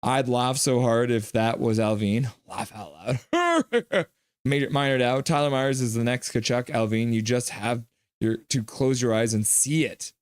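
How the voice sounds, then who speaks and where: A man's voice: mid-range voice, moderate pace, clear, resonant tone, no echo, clean studio sound. Joking man streaming hockey. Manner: joking, excitable, banters with chat. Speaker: live-stream host. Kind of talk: live reaction stream commentary, reading chat.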